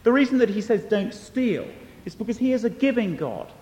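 A man's voice: very high voice, big pitch swings, fast talker, a little mellow. Brief: male preacher, earnest and emphatic, voice rising and falling widely, long church echo. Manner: earnest, emphatic, questioning the listener. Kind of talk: sermon.

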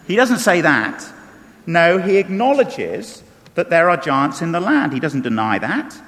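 A man delivers a sermon in a high voice, animated and emphatic, then dropping to hushed low tones. His voice rings out with the long reverb of a large hall. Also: measured pace. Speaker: preacher.

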